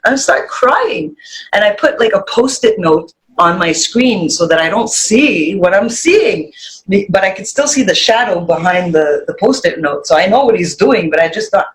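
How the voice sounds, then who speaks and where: Speaking at normal speed over rough-sounding audio, this woman is a guest on a laid-back podcast. She recounts a story with lots of energy and plenty of swearing, pitching her voice up high when quoting others.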